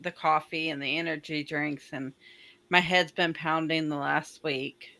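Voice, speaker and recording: A woman originally from the American South talks in a bright, crisp voice that sits fairly low. She chats on a podcast in a plain, matter-of-fact way. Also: steady tone, a little slow. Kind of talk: casual podcast chat.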